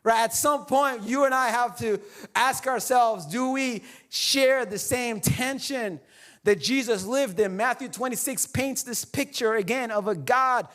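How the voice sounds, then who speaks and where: Playful high-voiced pastor preaching. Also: male voice, unhurried, a bit bright. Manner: playful, jokey, acts out voices of others. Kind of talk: sermon. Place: church sanctuary.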